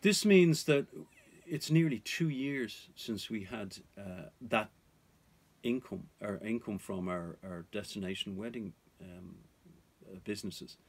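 A man's voice: fairly low pitch, animated, unhurried, slightly rough. A man vlogging about off-grid life, talking to viewers in an earnest, cautionary way. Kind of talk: casual advice to viewers.

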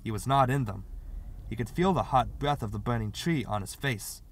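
A man narrating a literary short story as an audiobook reader, in a steady, expressive way. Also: mid-range voice, moderate pace.

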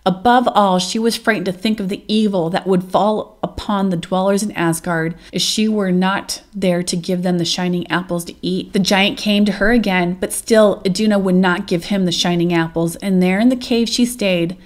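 Woman, storybook narrator, gentle, measured, mid-pitched. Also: fairly even intonation. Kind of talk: storybook read-aloud narration.

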